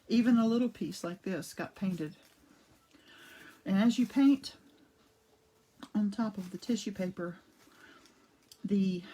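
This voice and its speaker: Woman, casual live craft demo, chatty, rambling, cough drop in mouth, mid-range pitch, home art studio. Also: mellow, low-quality recording. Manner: chatty, greets viewers by name mid-demo; rambling, with frequent restarts and asides. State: talking around a cough drop.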